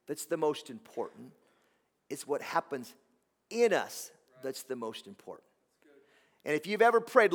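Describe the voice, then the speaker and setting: A man's voice: on the high side, animated, fairly quick. A man preaching a sermon as pastor, impassioned, repeating words and asking the congregation questions. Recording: long hall reverb.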